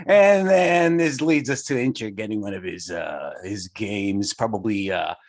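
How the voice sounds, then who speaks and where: A man's voice: fairly low pitch, lively intonation, a little slow. A man in a casual podcast chat, talking hesitantly with many fillers.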